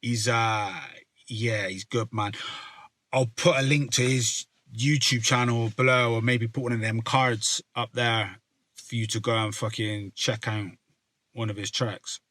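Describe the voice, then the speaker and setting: A man with a broad Somerset West Country accent talks to camera in a loose, rambling way, swearing freely and circling back on himself. His voice sits at an ordinary middle pitch and has a bright, forward edge. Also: fairly even intonation, unhurried, no echo. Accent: West Country English, Somerset. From South West England. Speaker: rapper. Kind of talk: casual chat to camera.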